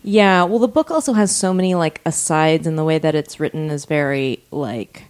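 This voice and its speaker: A woman's voice: low-pitched, moderate pace, a little mellow. A woman hosting a podcast in casual chat, playful and laughing often. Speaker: podcast host.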